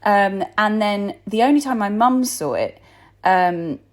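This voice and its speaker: A woman's voice: mid-range voice, lively intonation, slow. A woman in her thirties, a stage actor and accent coach, telling a chatty, self-deprecating anecdote with lots of ums. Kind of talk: casual anecdote.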